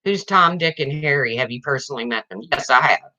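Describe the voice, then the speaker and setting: Indignant woman with a bright, sharp voice. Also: very deep voice, expressive, fairly quick. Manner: indignant, confrontational, addresses viewers directly. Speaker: livestreamer. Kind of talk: livestream rant to viewers.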